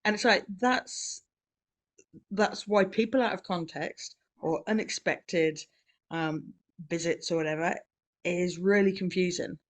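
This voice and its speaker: A New woman talks in a loose, chatty way on a podcast, filling her story with "um"s and "you know"s. She rambles but keeps a warm, storytelling flow, with quick laughs between remarks. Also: lowish voice. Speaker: podcast co-host. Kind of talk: casual conversation.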